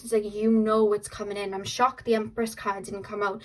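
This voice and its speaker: A young woman talks through a casual tarot reading in a chatty, upbeat way. Her voice sits a little high. She trails off, restarts, and slips into quoting what the viewer is thinking. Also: fast, few pauses, low-quality recording. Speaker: tarot reader.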